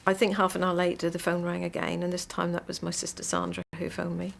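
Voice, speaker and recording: Gravelly-voiced woman telling her story. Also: lowish voice, completely flat delivery, fast talker. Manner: vivid storytelling, quoting dialogue. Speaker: interviewee. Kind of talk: interview recollection.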